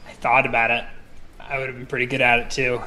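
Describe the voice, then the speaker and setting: Bright-voiced man playing a tabletop game. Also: mid-range voice, little pitch movement, fast, slight background noise. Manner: casual, hesitant, jokey. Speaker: player.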